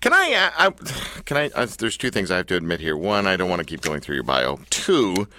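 A man's voice: low voice, huge pitch swings, brisk, bright, forceful tone, no echo. A man hosting an interview, joking and self-deprecating with rambling questions. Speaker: interview host. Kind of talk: casual interview chat.

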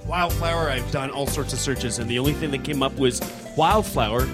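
A man's voice: mid-range voice, fairly quick. A man co-hosting a radio talk show in casual, wry banter. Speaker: radio co-host and producer. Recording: loud music under the voice.

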